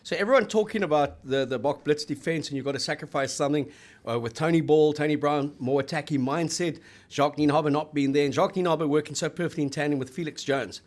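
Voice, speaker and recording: A man's voice: fairly high pitch, fast talker. Brief: middle-aged man, chatty rugby host, rambling and anecdotal. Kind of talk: casual sports chat.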